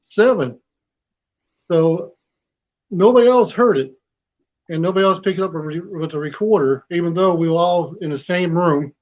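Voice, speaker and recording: Plain-spoken man, somewhat high, lo-fi. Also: a little mellow. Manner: plain, loose conversational grammar. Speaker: paranormal investigator guest. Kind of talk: casual storytelling on a podcast.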